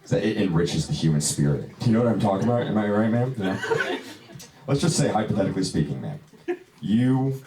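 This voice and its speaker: Young guy doing stand-up, laid back and rambly, low voice, echoey club w loud crowd laughing. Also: animated, fast talker, far from the mic. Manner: laid-back rambling, lots of "dude" and "you know". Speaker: stand-up comedian. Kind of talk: stand-up set. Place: small comedy lounge.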